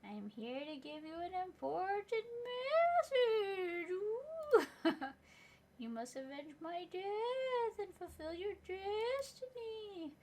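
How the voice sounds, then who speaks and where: A woman's voice: very high-pitched, sing-song, a little mellow, voice pushed up, heavily acted. Woman putting on a grand prophetic spirit. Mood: solemn. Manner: slow, grand prophetic speech. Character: solemn spirit messenger from a vision. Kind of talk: reading a game aloud in voices.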